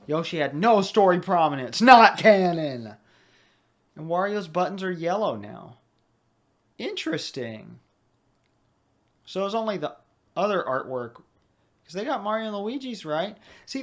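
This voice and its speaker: A young man giving casual, rambling commentary over a video game he is playing, drifting into chatty asides. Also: on the high side. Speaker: let's play commentator.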